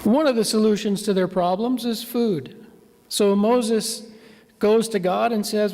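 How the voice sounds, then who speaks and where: A male minister tells the story at an easy, unhurried pace, asking his congregation questions as he goes. His voice sits high for a man. The sound carries the long reverb of a church hall. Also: fairly even intonation, a little mellow. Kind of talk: sermon with map.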